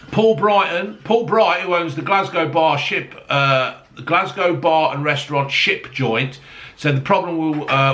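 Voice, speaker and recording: A man's voice: fairly high pitch, bright, forceful tone. A man ranting angrily in casual chat, swearing as he talks to camera. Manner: angry, sweary rant. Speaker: vlogger.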